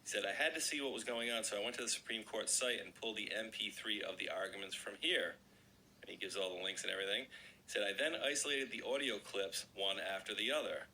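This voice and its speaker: A man with a slightly raspy voice hosting an online video, chatting casually and reading an article aloud to his viewers. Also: lowish voice, fast, sharp tone, a little hiss or hum, poor audio. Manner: chatty, addresses viewers as guys.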